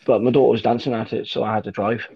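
Gravelly, husky man telling stories. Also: medium pitch, flat delivery, rapid-fire, dark tone. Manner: sweary, rambling anecdote-telling with many fillers. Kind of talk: casual chat. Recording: dull lo-fi recording.

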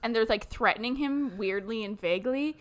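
A woman's voice: fairly high pitch, fairly quick. A young adult woman co-hosting a podcast in casual chat, laughing often and acting out movie lines. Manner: giggly, acts out movie quotes. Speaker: podcast co-host.

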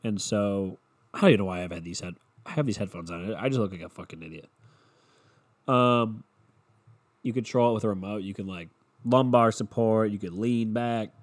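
A man's voice: lowish voice, normal speed. A young man with a stuffy nose from a cold hosts a solo podcast from his room, rambling, sarcastic and swearing constantly, close on a handheld mic. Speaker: podcast host. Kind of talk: casual solo podcast rant. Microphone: handheld mic held close to the mouth.

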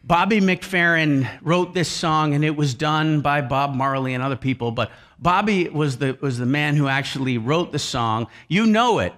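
A man's voice: fairly high pitch, moderate pace, few pauses, a bit bright. A man preaching a sermon with emphasis, repeating key phrases over and over. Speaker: pastor.

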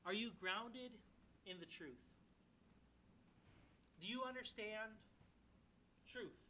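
Bright-voiced young man preaching a sermon. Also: high voice, takes it slowly, reverberant, slight background noise, low-quality recording. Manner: conversational, self-deprecating asides, builds to emphatic questions. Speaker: church member preaching.

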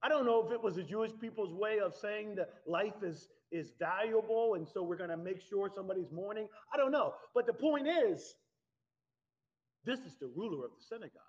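A man preaching a sermon in an animated, conversational way. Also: sits high, normal speed, breathy edge. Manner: animated, conversational preaching with laughs and acted-out quotes. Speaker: pastor. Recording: dull lo-fi sound.

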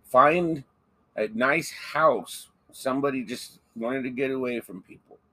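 A man's voice: medium pitch, measured pace, pushed and bright. A man co-hosting a horror podcast, joking in crude, playful banter. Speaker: podcast co-host. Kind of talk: casual chat.

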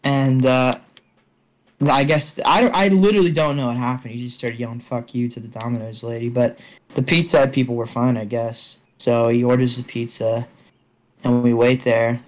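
Over an online call, a young man tells his friends a long, rambling story packed with fillers and swearing. His mid-range voice keeps fairly even intonation at a normal speed, in a casual chat.

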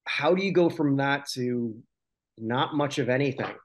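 Speaking a little slowly at medium pitch, this podcast co-host keeps the chat about old television casual and jokey. He rambles, restarts often, and corrects himself along the way.

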